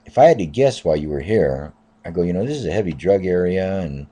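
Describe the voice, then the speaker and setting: A man in his fifties with a low, deep voice tells a story from his taxi rounds. His tone is soft and mellow, and he rambles along casually, stacking up "I said" and "uh" as he goes. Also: expressive, a little fast, husky. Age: 50s. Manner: rambling, repeats "I said" and "uh". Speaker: taxi driver.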